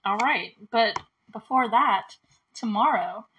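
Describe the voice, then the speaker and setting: A woman's voice: on the high side, background noise. Woman podcast host, casual recap chat, giggly and chatty. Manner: giggly, chatty, retells scenes with quick quotes.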